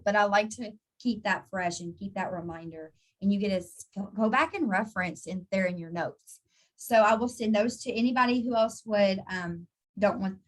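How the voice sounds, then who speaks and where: A woman giving a casual live training talk to her network marketing team, chatty and encouraging, often restarting and repeating words as she answers viewers by name. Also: mid-range voice.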